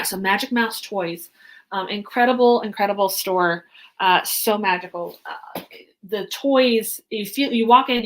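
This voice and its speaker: A young author hosts a live stream, chatting rambly while packing boxes, her mid-range, fairly bright voice slightly worn and going hoarse. She fills her talk with lots of ums, and the recording is low quality.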